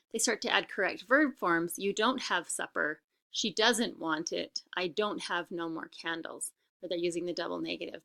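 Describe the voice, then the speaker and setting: A woman's voice: medium pitch, a bit bright. A woman giving a recorded lecture on child language, explaining with frequent ums and restarts.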